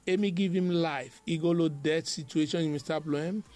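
A man's voice: a little high, normal speed, a little mellow. A man delivering a devotional sermon, emphatic and repetitive in a chanting preaching rhythm.

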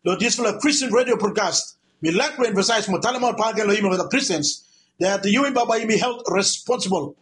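High-voiced preacher. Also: male voice, a little fast, a bit bright. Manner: repetitive, exhorting, with sudden emphatic rises. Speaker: preacher on Christian radio. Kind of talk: radio sermon.

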